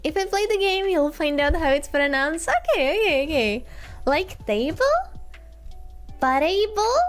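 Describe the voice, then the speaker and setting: A woman's voice: high-pitched, very animated, normal speed, faint music behind. A woman streamer chatting casually with her viewers in a bubbly, giggly way, repeating her greetings again and again. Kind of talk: casual livestream chat.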